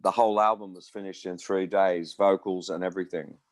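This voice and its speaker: A man's voice: low-pitched, fairly even intonation, a little fast, no echo. A man in his sixties from Australia, talking casually in an interview as a musician, rambling through stories and acting out the voices of people he quotes. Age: 60s. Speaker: musician guest.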